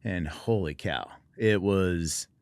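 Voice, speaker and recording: Speaking slowly in a low, darkish, smooth voice, a middle-aged man from Oregon, USA recounts his military experience as a guest, wry and understated at his own expense. No room sound is audible.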